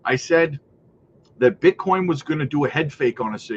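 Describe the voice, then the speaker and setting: Brief: male live-stream host, fairly high voice, upbeat and chatty, slightly dull lo-fi audio. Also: expressive, brisk, a little hiss or hum. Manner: upbeat, chatty, tags lines with "right?" and "guys". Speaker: crypto livestream host. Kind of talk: casual livestream commentary, reading chat. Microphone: streaming setup mic.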